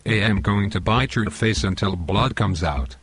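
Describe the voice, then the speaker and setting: A male text-to-speech voice playing a boastful, violent football hooligan, in a flat robotic delivery. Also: on the low side, a little slow, music in the background, natural voice. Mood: boastful threats.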